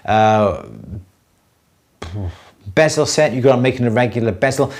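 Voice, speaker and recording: A middle-aged man hosting a live jewellery Q&A, explaining techniques step by step in a relaxed way, with many fillers and restarts. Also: medium pitch, normal speed. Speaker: jewellery maker answering viewer questions. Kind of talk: live Q&A demonstration.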